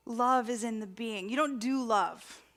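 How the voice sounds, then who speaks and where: A woman, a spiritual practitioner, giving an inspirational sermon in a conversational, expressive way with repeated emphasis. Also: fairly high pitch, a little slow. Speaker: spiritual practitioner and ministry student speaker.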